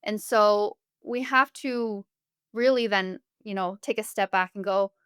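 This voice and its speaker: A woman's voice: medium pitch, a little slow, a bit bright, smooth, no room sound, studio quality. A woman speaking as a family therapist guest on a podcast interview, explaining earnestly with everyday examples.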